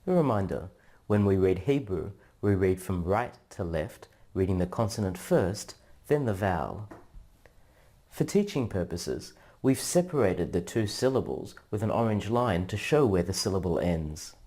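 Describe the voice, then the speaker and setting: A man narrating a scripted language lesson in a measured, instructional way, drawing out syllables for practice. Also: sits low, expressive, mellow. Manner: slow, measured, drawn-out syllable drills. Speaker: language teacher.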